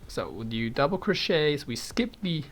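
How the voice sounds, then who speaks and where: At a normal speed, a young male vlogger with a highish voice and big pitch swings talks casually while crocheting. He rambles, veers into tangents, thinks aloud as he counts stitches, and chuckles often.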